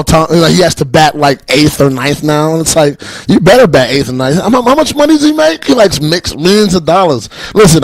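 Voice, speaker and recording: A man's voice: fairly high pitch, no room sound, low-quality recording. A young adult man with a Boston accent doing a rambling stand-up comedy set, laughing at his own jokes and acting out other voices. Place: live stage.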